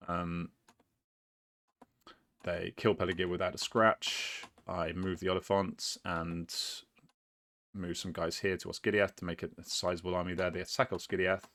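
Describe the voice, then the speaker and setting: Low creaky-voiced man commentating a game. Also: a bit bright. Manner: rambling, hesitant, laughs at himself. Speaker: player commentating his own match. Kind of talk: casual board game commentary.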